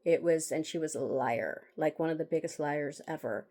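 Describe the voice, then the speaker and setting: A woman's voice: deep voice, moderate pace, mellow. A woman telling a bitter personal story in a candid vlog monologue, sighing and laughing wryly as she rambles. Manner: bitter, emotional, with wry laughs and sighs; rambling with restarts and fillers. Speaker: author talking about her book.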